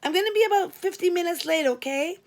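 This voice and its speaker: A chirpy, breezy receptionist with a very high, sing-song voice, as a woman reader puts her on. Underneath the brightness sits a gravelly edge of fry. She sounds cheerful and unbothered in this storybook reading. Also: quick pace.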